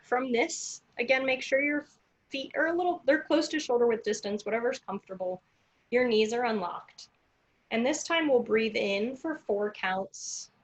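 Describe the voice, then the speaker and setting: A woman leading a virtual breathing workshop over a video call, giving calm instructions and counting breaths slowly. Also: fairly high pitch, rough recording. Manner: calm, slow counting with pauses.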